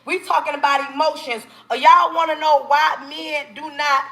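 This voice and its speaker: A woman's voice: high-pitched, steady tone, normal speed, fairly bright tone. A woman hosting a live stream, giving emphatic, preachy relationship advice straight to her viewers.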